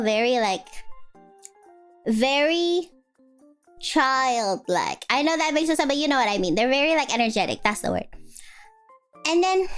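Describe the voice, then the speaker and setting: High-voiced young woman telling rambling stories. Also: smooth. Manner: rambling, animated storytelling with many fillers. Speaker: streamer. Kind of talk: casual chat.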